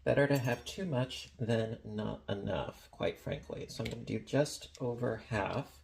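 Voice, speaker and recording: Gravelly-voiced casual home baker. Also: mid-range voice, measured pace, a little mellow, a little hiss or hum. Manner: chatty and playful, with jokey asides. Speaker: home baking vlogger. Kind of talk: casual cooking demonstration. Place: home kitchen.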